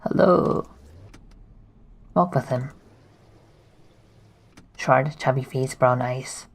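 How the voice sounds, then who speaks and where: A game streamer reading on-screen game text aloud while playing, in a slow, plain reading manner. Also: medium pitch, little pitch movement, vocal fry, low-quality recording.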